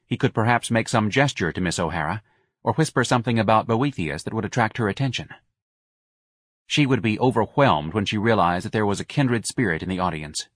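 A man narrating an audiobook in a measured, wry storytelling manner. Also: fairly low pitch, fairly bright tone, no room sound, clean studio sound. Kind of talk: scripted narration.

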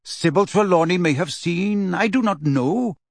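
A man lifts his voice to play a serene male centaur who lectures slowly and evenly, brushing off human ideas with quiet, measured calm. The sound is dry and close. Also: sits high, gravelly, no echo, pitched above the performer's own voice, heavily acted. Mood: calm, aloof. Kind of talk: audiobook character reading.

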